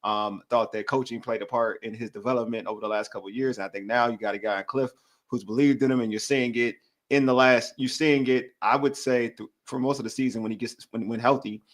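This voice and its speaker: A man hosts a casual sports podcast in an average-pitched voice. He talks easily and agrees a lot while his guest speaks. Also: fast talker. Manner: relaxed, frequent agreeing backchannels. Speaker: podcast host.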